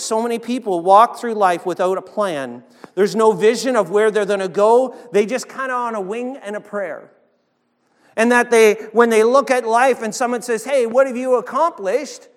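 A man preaching a sermon as pastor, swinging between loud emphatic peaks and hushed low passages, with frequent restarts. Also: long reverb tail.

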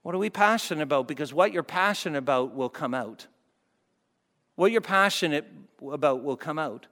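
A man preaching a sermon as pastor, moving between loud fervent peaks and hushed, soft passages. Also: fairly high pitch, animated, normal speed. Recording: long hall reverb.

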